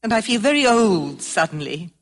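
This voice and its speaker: An actress playing a gentle, weary wife on holiday. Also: female voice, mid-range voice, big pitch swings, moderate pace, gravelly. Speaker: hotel guest. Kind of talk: comedy drama acting.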